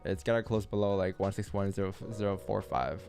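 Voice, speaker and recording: A man's voice: on the low side, steady tone, a little fast, darkish tone, soft background music. A young man hosting a live trading stream, talking loosely and repeating himself as he walks through charts. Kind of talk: casual live-stream commentary.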